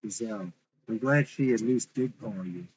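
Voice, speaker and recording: A man's voice: on the low side, moderate pace, dull audio, a crowd in the background, close to an everyday voice. A man reading the part of a concerned woman on the phone, polite and worried.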